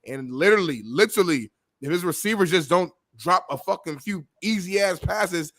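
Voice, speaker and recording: A male sports talk co-host with a high voice. He argues insistently and profanely, restating his case again and again. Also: expressive, normal speed, fairly bright tone, dry recording, clean studio sound. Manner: insistent, profane, defends his point repeatedly. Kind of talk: casual sports talk debate.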